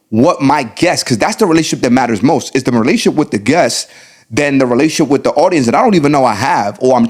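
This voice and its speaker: A man from the Bronx hosts his own podcast and gives advice alone at the mic. He speaks earnestly and emphatically, repeating phrases and slowing down to stress his points. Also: fairly high pitch, a little mellow. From the Bronx, New York. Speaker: podcast host. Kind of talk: solo podcast advice talk.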